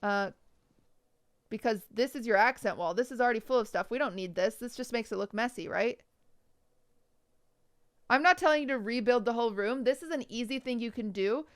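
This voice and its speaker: Her voice sits on the high side, a little fast and broken by frequent pauses. In a relaxed livestream chat, this woman streamer picks apart viewers' bedrooms with blunt, teasing, nitpicky advice.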